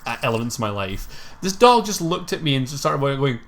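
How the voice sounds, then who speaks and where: A man's voice: mid-range voice, sing-song, brisk. A man streaming a game, chatting casually and telling a rambling, self-deprecating story. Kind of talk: casual chat while gaming.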